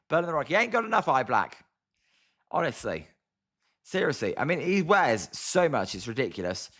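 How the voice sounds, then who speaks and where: A man's voice: fairly high pitch, fairly bright tone. A British man doing casual live-stream play-by-play of a ball game, exasperated and chatty as he answers viewers. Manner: exasperated, chatty, reads viewer comments aloud. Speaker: live-stream sports commentator. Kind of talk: casual play-by-play watch-along.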